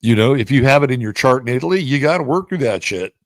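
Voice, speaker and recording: Gravelly-voiced man hosting an astrology forecast. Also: animated, fast, no room sound, clean studio sound. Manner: blunt, chatty, acts out voices with big pitch swings. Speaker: astrology show host. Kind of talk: casual astrology forecast monologue.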